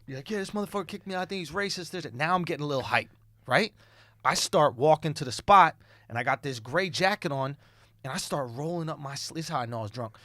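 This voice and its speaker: A man in his thirties telling a long story on a podcast, animated and laughing, jumping between low asides and high excited bursts. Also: fairly quick, no echo. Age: 30s. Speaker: podcast co-host.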